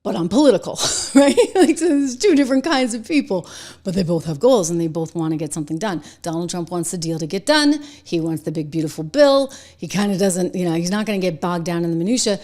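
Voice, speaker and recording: A middle-aged woman hosting a show, giving chatty, animated political commentary and laughing between points. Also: lowish voice, a little fast.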